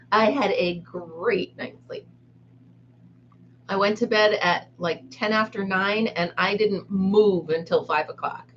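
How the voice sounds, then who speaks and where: A woman's voice: mid-range voice, dull audio, slight background noise. A woman hosting a casual live chat with viewers from a room at home, giggly and self-mocking as she talks. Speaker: live-stream host.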